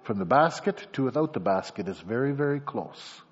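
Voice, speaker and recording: A man's voice: mid-range voice, moderate pace, slightly rough. A man preaching a sermon, acting out a story scene by scene and calling on the congregation. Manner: animated, acts out scenes, addresses congregation. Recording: dull lo-fi sound.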